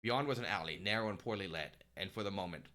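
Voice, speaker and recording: A man narrating a story aloud on a live stream, steady with small restarts. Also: sits low, fast.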